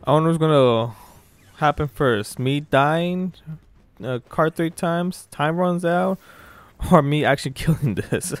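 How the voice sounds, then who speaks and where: A man commentating as he plays a game, excitable, exclaiming often and laughing a lot. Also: a little high, unhurried. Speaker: gaming channel host. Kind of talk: live gameplay commentary.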